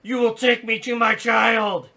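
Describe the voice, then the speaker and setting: A man voicing an ancient, rusty male robot with faulty wiring, speaking in halting, mechanical beeps and phrases. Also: high voice, wildly swooping pitch, bright, forceful tone, pitched above the performer's own voice, heavily acted. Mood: screaming. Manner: beeping, halting, mechanical delivery.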